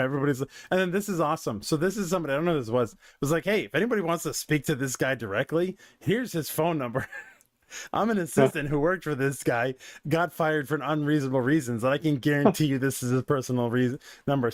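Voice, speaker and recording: A man who coaches businesses, talking through his points in a loose, rambling commentary full of fillers. His voice sits at a mid pitch, and the recording is dry and close with no room sound. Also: fast, no room sound. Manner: conversational, digressive, filler-heavy. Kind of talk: casual commentary.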